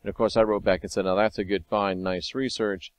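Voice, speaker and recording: A man hosting a casual video monologue, talking wryly and sometimes excitedly as he reads and comments on scripture. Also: on the low side, a little fast, dry recording. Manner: conversational, wry, sometimes excited. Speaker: video host.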